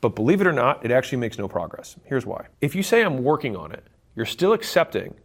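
A man's voice: medium pitch, very animated, fast talker. A man talking straight to camera in a self-help video, blunt and emphatic, with occasional swearing, acting out conversations with relatives. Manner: blunt and emphatic, swears, acts out quoted dialogue. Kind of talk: direct-to-camera motivational talk.

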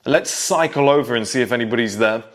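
A man's voice: mid-range voice, fast. A man in his thirties speaking directly to younger men, telling stories from his youth and acting out scenes in a lecturing way. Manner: direct, lecturing storyteller who acts out scenes. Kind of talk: storytelling monologue.

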